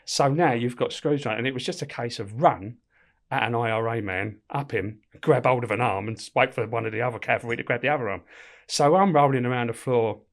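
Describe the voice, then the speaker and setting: Middle-aged guy spinning yarns, swears a lot, laughs through it, average pitch. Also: a little fast. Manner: animated, swears freely, laughs mid-story. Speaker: guest, former prison officer. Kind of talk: casual storytelling in a podcast interview.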